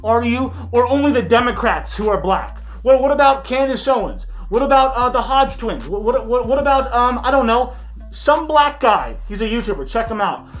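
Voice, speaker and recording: A man's voice: very high voice, lively intonation, normal speed, faint music behind. A man ranting sarcastically over a video clip, heated, mocking and full of swearing. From Michigan, US. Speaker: commentary YouTuber.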